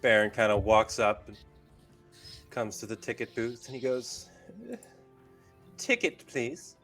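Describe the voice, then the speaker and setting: Man, tabletop player, casual with fillers, lower voice. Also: flat delivery, moderate pace, fairly bright tone, soft background music. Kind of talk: describing actions in a tabletop game.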